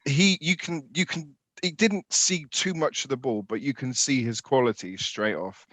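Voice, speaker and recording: A man's voice: medium pitch, moderate pace, fairly bright tone, no echo, poor audio. A man co-hosting a casual fan podcast, rambling with many fillers and the odd swear word. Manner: rambling, swears, laughs a lot. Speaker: podcast co-host.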